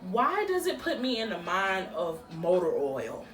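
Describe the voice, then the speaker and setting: Woman w/ doing a slow chatty unboxing, kinda off-mic in an echoey room, faint music under. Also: fairly low pitch, big pitch swings, far from the mic. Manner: chatty, exclaiming, drawn-out reactions. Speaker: beauty vlogger. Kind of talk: casual product unboxing chat. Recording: roomy echo, a bit off-mic, faint music.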